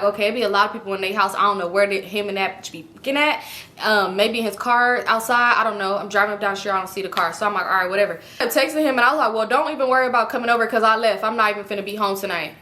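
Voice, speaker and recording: A young woman telling a story in a casual vlog, animated and swearing freely as she acts out both sides of the conversations. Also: medium pitch. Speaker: storytime vlogger.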